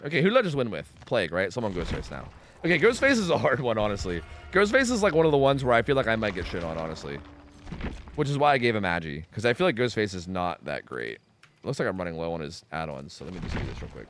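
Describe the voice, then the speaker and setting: A man's voice: fairly low pitch, fairly bright tone, a little hiss or hum. A young man from Pennsylvania streaming a video game, chatting casually and rambling with lots of fillers and swearing. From Pennsylvania, United States. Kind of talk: casual gameplay commentary.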